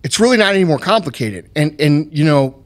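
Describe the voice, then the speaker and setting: A man's voice: a little high, expressive, fairly quick. Fired-up, blunt-talking man. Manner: profane, emphatic and fired-up. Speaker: podcast host. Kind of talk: blunt motivational podcast talk.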